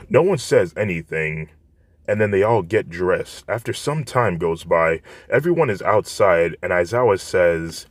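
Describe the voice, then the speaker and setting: A man narrating a fan story in a plain, steady reading voice. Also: low-pitched, measured pace, no room sound.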